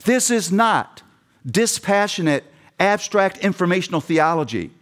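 A man's voice: high-pitched, very animated, unhurried, a bit bright. A middle-aged man preaching a passionate sermon with emphatic repetition, addressing seminary students. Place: seminary chapel.

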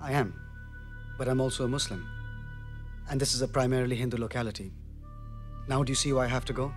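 An actor playing a young man who calmly but urgently explains why he must leave, in film dialogue. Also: medium pitch, fast talker, faint music behind, lightly acted. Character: young man warning of riots, calm and urgent.

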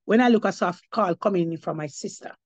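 A woman gives her testimony as an apostle, preaching to a congregation, switching between English and patois and rising to emphatic cries of praise. Her voice is lowish and darkish, she talks fast, and there's no echo.

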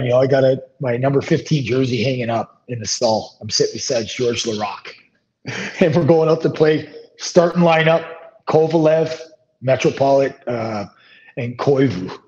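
A man, a former pro hockey player, telling a long anecdote as a guest, loose and rambling, full of ums and restarts. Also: mid-range voice. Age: 30s. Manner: rambling, relaxed anecdotes with many fillers. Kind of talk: casual storytelling interview. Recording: slightly dull lo-fi sound.

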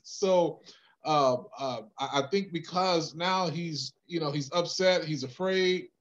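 An easygoing man in a Bible study, laughing often and explaining things in a halting way. His voice is fairly high. The sound is dull and lo-fi, like a remote line. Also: fairly bright tone. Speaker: church member in Bible study.

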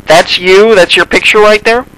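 Guy on a prank phone call, high bright voice, stammers a lot, fake polite and suspicious. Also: fairly even intonation, normal speed, clean tone. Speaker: prank caller.

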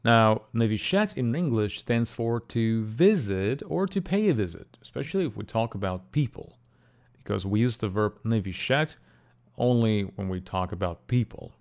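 A man with a fairly low voice hosts a pronunciation lesson. He speaks in a patient, deliberate way, sounding out words syllable by syllable and repeating them slowly for the listener to copy. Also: animated, darkish tone. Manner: slow, deliberate syllable-by-syllable demonstrations. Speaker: language teacher.

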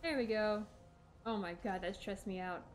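A woman's voice: medium pitch, moderate pace, slight background noise. A woman streaming a video game, giving casual gameplay commentary and talking to herself, swearing when things go wrong.

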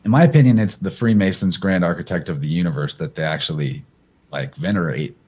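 Low-voiced man rambling through slides. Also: fairly quick, a little mellow, husky. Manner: rambling, thinks aloud with fillers; reads passages aloud from slides. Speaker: podcast guest presenter. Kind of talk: casual slide presentation.

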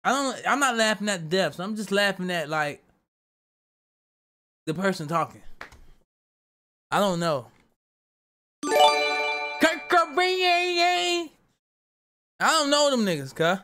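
A young man talks through a video reaction in a high, bright voice. He rambles, swears freely and keeps defending himself in loose casual chat. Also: very animated, moderate pace, pauses often, soft background music.

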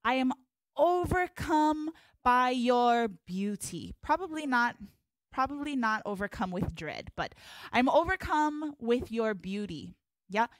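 A woman leads a hula class, calling out each move and mixing Hawaiian words into her English. Her voice sits a little high, and she talks slowly and patiently. The sound is dry and close, with soft music faintly behind her. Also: dry recording. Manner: upbeat, counts and calls out moves, mixes in Hawaiian words. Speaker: hula teacher. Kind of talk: live dance class instruction.

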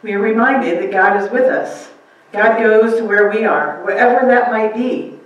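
A woman's voice: fairly high pitch, normal speed, distant mic, highs cut off. Woman pastor preaching in an echoey church. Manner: conversational, rhetorical questions, acts out quotes. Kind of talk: sermon. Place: church sanctuary.

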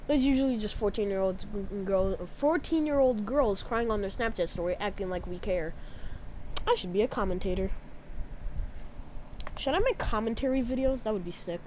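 A woman giving casual, jokey commentary while playing a game, yelping and shouting at the action. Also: mid-range voice, normal speed, a little hiss or hum. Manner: excitable, yelps and shouts at the game; jokey, teasing asides to viewers. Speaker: gamer.

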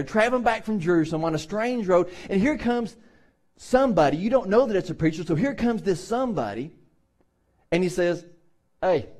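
A man's voice: high-pitched, darkish tone. A man pastor preaching a sermon in a conversational way, acting out the people in Bible stories with voices.

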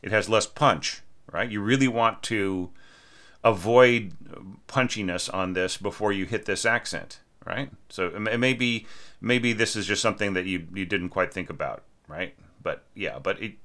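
A man reviewing a student's orchestral score in a loose, conversational way, often stopping to ask "right?" and starting his sentences over. His voice sits fairly low and sounds bright and forward. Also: normal speed. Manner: conversational, lots of "right?" and restarts, sings phrases. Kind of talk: casual critique lesson.

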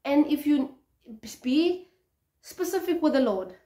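A woman's voice: sits high, very animated, slow pace, dark tone. Earnest woman, roomy echo. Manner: earnest and conversational, restarts and repeats words. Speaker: faith vlogger. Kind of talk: casual spoken devotional talk.

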